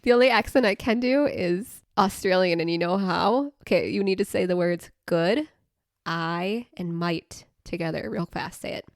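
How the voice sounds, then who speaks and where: A woman co-hosting a casual chat podcast, a counselor who jokes a lot and breaks into high laughter often. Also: normal speed, no room sound, clean studio sound.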